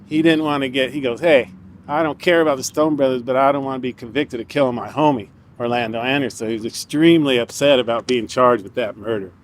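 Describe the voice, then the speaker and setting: Man, mid-pitched voice, former cop, casual retelling, faint noise behind. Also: quick pace. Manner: conversational, with fillers. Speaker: retired police officer. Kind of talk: storytelling interview.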